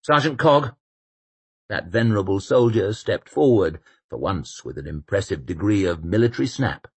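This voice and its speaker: A man reading fiction aloud as an audiobook narrator, measured and expressive. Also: low voice, husky, no echo. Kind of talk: scripted narration.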